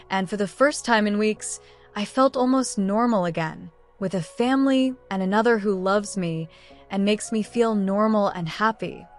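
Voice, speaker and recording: A woman narrating a romance audiobook in the first person, reading in a measured, emotive way. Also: medium pitch.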